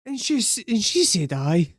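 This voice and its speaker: A woman's voice: mid-range voice, sing-song, moderate pace, husky, no room sound, studio quality. Swearing, laughing woman reacting on camera. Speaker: reaction video host. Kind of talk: casual reaction commentary.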